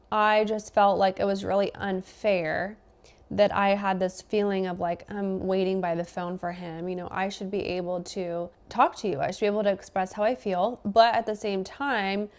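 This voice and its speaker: A woman's voice: mid-range voice, clean tone. A young adult woman, a podcast guest, telling a personal story in casual chat and acting out both sides of the conversation.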